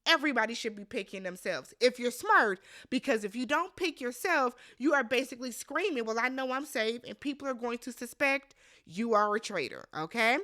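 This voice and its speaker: A woman hosting a casual reality TV recap vlog, talking bluntly and with exasperation, swearing freely and shouting mock reactions. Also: fairly high pitch, lively intonation, brisk.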